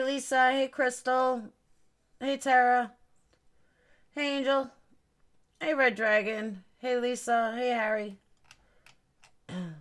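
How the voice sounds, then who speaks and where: A woman's voice: fairly high pitch, fairly bright tone. Woman streamer chatting away, greeting her chat one by one, kinda rambly. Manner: puzzled, fiddling with stream settings. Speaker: livestream host. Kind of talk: casual livestream chat.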